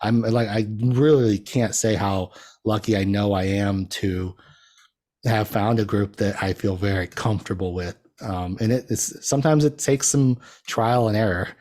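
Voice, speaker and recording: Man, podcast guest, low voice, mellow tone, rambling casual chat. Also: unhurried. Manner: rambling, laughs often, self-deprecating.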